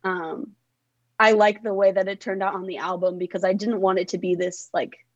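Young adult woman, interview guest, chatty and meandering, mid pitch, dry muffled recording. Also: level tone, normal speed, no echo. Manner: rambling, filler-heavy with frequent "like". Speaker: songwriter guest. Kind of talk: casual interview chat.

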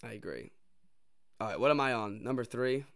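A man's voice: medium pitch, normal speed. A young man co-hosting a podcast, telling stories in casual chat and acting out what people said. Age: young adult. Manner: animated storytelling, acts out quoted exchanges. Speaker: podcast co-host.

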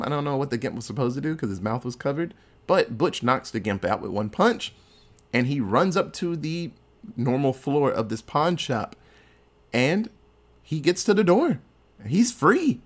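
A man's voice: mid-range voice, normal speed. A man casually retelling a film scene by scene, loose and joking as he goes. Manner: animated, loose storytelling with crude jokes. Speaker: podcast host. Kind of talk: casual movie recap.

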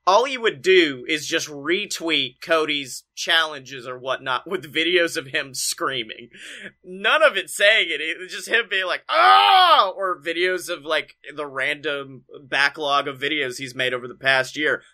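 A man co-hosting a casual podcast chat, excitable and swearing freely, acting out quotes with loud outbursts. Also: fairly high pitch, a little slow. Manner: excitable, swears a lot, acts out quotes with big shouts. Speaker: podcast co-host. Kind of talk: casual chat about wrestling.

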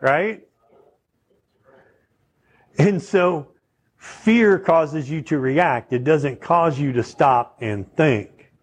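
A man's voice: a little high, lively intonation, very slow, long pauses. A man preaching a sermon in a conversational teaching manner, often checking in with his listeners. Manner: conversational teaching, asks the audience questions.

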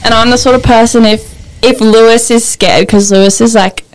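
A young woman co-hosting a podcast, telling a story in casual chat, animated and full of fillers. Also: on the high side, moderate pace, rough recording. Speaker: podcast co-host.

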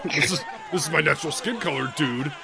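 A man co-hosting a podcast, joking loudly with his friends while they watch wrestling and repeating a put-on wrestler catchphrase. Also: fairly high pitch, a little fast, vocal fry, crowd noise, background noise. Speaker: podcast co-host. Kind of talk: rowdy group banter while watching wrestling.

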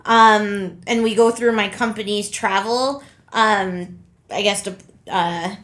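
A woman's voice: medium pitch, steady tone, slow pace, fairly bright tone. A woman from Canada co-hosting a podcast in casual chat, giggling often and filling her talk with "like" and "um". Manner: giggly, frequent fillers like "like" and "um". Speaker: podcast co-host.

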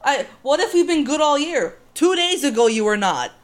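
A woman's voice: high voice, big pitch swings, moderate pace. A woman watching a horror movie with a friend, making joking asides and giggling. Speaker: co-host reacting to a film. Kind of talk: casual movie-reaction chat.

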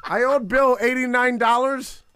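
A man's voice: extremely high pitch, steady tone, measured pace, background noise. A man who does stand-up, telling a story in casual podcast chat, swearing and laughing as he goes. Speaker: stand-up comedian. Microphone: studio mic on camera.

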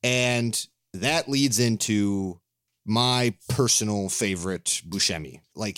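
A man's voice: fairly low pitch, no room sound, clean studio sound. A man co-hosting a podcast in casual chat, enthusiastic and swearing freely as he talks. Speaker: podcast co-host.

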